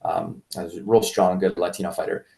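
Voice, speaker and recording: A man, a martial arts instructor, telling a story in a casual interview, rambling with restarts and jumping much higher when he quotes people. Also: steady tone, fairly quick, vocal fry, warm tone, distant mic. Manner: rambling with many restarts and fillers; acts out quoted voices in a much higher pitch.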